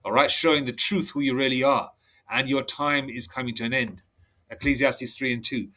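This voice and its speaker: A man preaching in a rambling, excitable monologue, with many restarts and slow read-aloud scripture passages. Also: medium pitch. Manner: reads scripture slowly, aloud; excitable, heated outbursts. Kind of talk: solo religious monologue.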